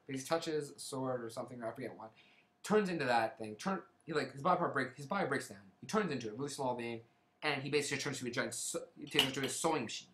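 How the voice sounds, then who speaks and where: Speaking at medium pitch in an echoey room, a book reviewer casually summarizes a book's plot. His retelling rambles, with frequent restarts and hedges.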